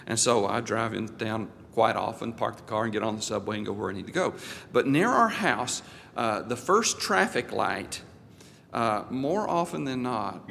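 A man's voice: medium pitch, creaky, a bit bright, in a large hall, slight background noise. A male pastor and missionary telling a folksy, anecdotal story in a sermon, with frequent restarts.

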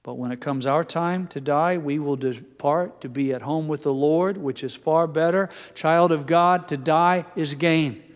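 A man's voice: measured pace, hardly any pauses. Older male pastor in a reverberant hall. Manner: gentle storytelling, drops soft and low for quotes. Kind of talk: sermon with personal stories.

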